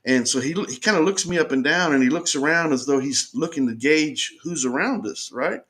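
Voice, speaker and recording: A man's voice: a little high, a little fast, fairly bright tone. Earnest man retelling a confrontation. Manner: earnest, insistent, repeats himself while explaining. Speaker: person recounting an incident. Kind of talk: first-person storytelling.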